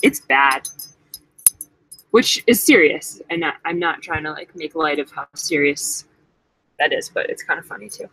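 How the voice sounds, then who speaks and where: A woman's voice: deep voice, measured pace, pauses often, bright, forceful tone, slightly rough, poor audio. A young woman from Washington, D.C., co-hosting a casual live stream, chatty and teasing. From Washington, D.C., USA. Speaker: vlog co-host.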